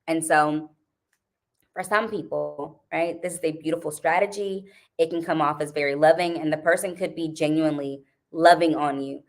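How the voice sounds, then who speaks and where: A young adult woman with a low-pitched voice speaks at normal speed while hosting a casual livestream. She chats animatedly with viewers and laughs often.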